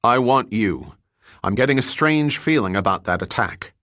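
A man's voice: on the low side, expressive, normal speed, fairly bright tone, no echo, clean studio sound. A man voicing a grim, cold-eyed detective who speaks bluntly.

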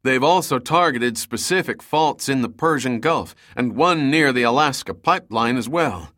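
Male narrator voicing a middle-aged geophysicist, earnest, slightly low, explanatory. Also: lively intonation, moderate pace, fairly bright tone, close to an everyday voice.

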